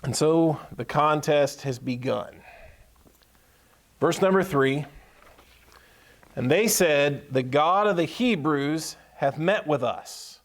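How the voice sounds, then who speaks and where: A man's voice: fairly high pitch, slow, long pauses. A man preaching a sermon as pastor, reading scripture aloud and repeating key points with emphasis. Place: church sanctuary.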